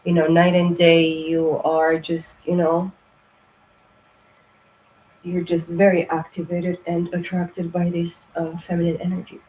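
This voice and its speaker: A woman's voice: fairly low pitch, monotone, a little slow, darkish tone, poor audio. A woman talks through a tarot reading in a loose, casual way, full of fillers and restarts. She is blunt and swears freely as she drives her points home. Faint ambient noise sits behind her voice. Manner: blunt, profane and emphatic; rambling, with many fillers. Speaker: tarot reader.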